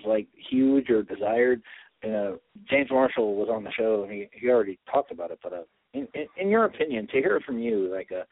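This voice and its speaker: A man's voice: mid-range voice, dry recording. A man hosting a casual interview, asking long, rambling questions full of hesitations and restarts. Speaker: interview host. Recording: dry, phone-like band-limited sound.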